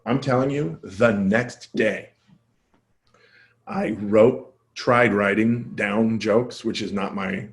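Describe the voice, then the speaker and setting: As a guest on a podcast, a male comedian tells a story in a casual, self-deprecating way, speaking slowly. He's animated, acting out quoted dialogue as his pitch jumps up and down.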